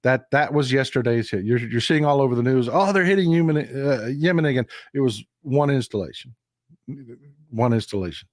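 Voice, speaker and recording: A man's voice: medium pitch, moderate pace, no echo, clean studio sound. A man hosting a casual political commentary livestream, folksy and repetitive, talking straight to his chat.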